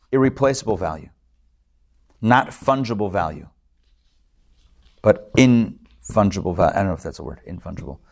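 A rabbi with a mid-range voice teaches his weekly class, lecturing live to a group both in person and online. He keeps it conversational, adding jokes and asides for his listeners.

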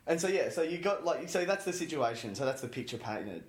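A man's voice: fairly high pitch, sing-song, brisk. A young Australian man co-hosting a podcast, telling a rambling, sweary story about work and acting out his customers' voices. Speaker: podcast co-host. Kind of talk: casual chat. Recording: echoey room, faint noise.

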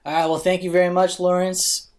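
A man's voice: high voice, flat delivery, brisk. A man hosting a podcast, chatting in a loose, bro-ish way and swearing freely over a remote call. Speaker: podcast host. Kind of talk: casual chat.

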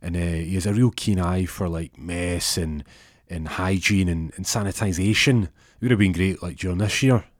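A man's voice: deep voice, moderate pace, dry recording, studio quality. A man telling a story casually, in a rambling, meandering way.

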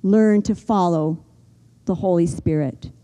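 An older woman preaching a sermon, earnest and gentle, slowing down and pausing for emphasis. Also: lowish voice, smooth, rough recording. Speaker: pastor.

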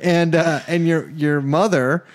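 A man's voice: on the high side, unhurried. A man co-hosting a podcast in casual chat, joking crudely and swearing a lot. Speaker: podcast co-host.

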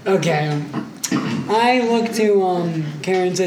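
A player in a tabletop game who talks in a jokey, animated way. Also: medium pitch, unhurried, a little hiss or hum. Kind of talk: casual tabletop play. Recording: roomy room with group chatter.

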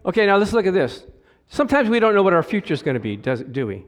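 A middle-aged man preaching a sermon with animated delivery, his voice climbing and getting louder as he reads scripture, with joking asides along the way. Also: high-pitched, fast. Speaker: pastor.

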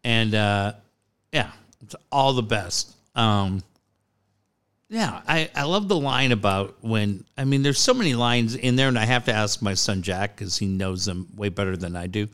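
A man's voice: on the low side, a little slow, a bit bright, clean tone. A middle-aged man with a rambling, easygoing way of talking, chatting as a guest. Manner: rambling, laughs easily. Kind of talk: casual chat.

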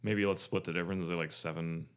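A man's voice: low voice, steady tone, fast. A man co-hosting a podcast in casual chat, rambling with lots of fillers and jokes. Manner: rambling, filler-heavy, jokey. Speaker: podcast co-host.

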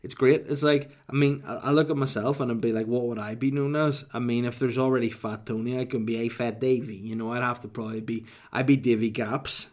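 A man chatting on his podcast in a loose, rambling way, swearing often and cracking jokes as he goes. His voice sits at an everyday middle pitch. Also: steady tone, brisk, few pauses, darkish tone. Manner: profane, joking, slips into impressions. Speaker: podcast host. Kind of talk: casual rambling chat.

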